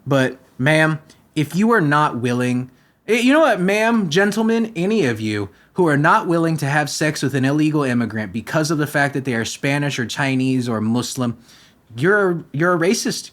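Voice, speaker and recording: Crude, mocking podcast guy with a lively voice. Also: on the high side, normal speed. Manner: crude, mocking rants between read-out news. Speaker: podcast host. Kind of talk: comedic news commentary.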